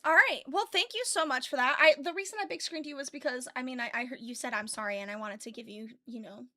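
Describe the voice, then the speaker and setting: A woman hosting a livestream panel, talking loudly and encouragingly with lots of swearing. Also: sits high, fast. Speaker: stream host. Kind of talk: casual livestream chat.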